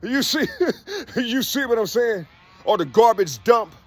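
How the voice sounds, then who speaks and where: Slangy, preachy man with a husky voice. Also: very high-pitched, expressive, unhurried. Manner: preachy, repeats "you see" constantly; loose, slangy and streetwise. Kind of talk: spiritual monologue.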